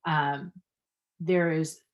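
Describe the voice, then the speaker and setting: A woman's voice: sits low, very slow, muffled recording. A woman guest coach talking in a podcast interview, earnest and filler-heavy, livening up when she tells stories about her classes. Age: adult, practicing five years. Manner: earnest, many fillers, lively when telling anecdotes.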